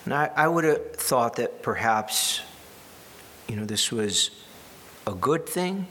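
A man's voice: medium pitch, expressive, measured pace, pauses often, a bit bright, a little hiss or hum. A man preaching a sermon in a conversational way, with wry asides and restarts. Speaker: pastor.

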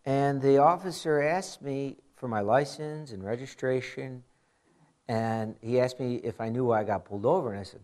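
This pastor, a man in his forties, preaches in a conversational way, telling stories with animation and dropping in frequent asides. His pitch is medium and his pace moderate.

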